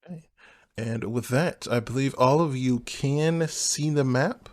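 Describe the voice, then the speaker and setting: A man's voice: mid-range voice, a little slow. Man narrating as game master.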